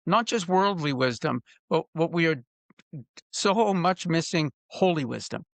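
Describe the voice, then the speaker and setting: Older male podcast host, gravelly and a touch high, halting delivery with restarts. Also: expressive, no echo. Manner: halting, repeats words as he restarts. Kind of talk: casual interview conversation.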